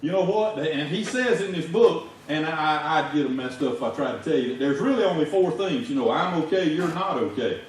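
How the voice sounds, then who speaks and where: A man's voice: fairly high pitch, expressive, a little fast, hardly any pauses, a little hiss or hum. A man with a Southern US accent preaching a folksy, conversational sermon as a lay preacher. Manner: folksy, conversational, rising to shouts in stories. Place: church sanctuary. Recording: echoey church heard from far off.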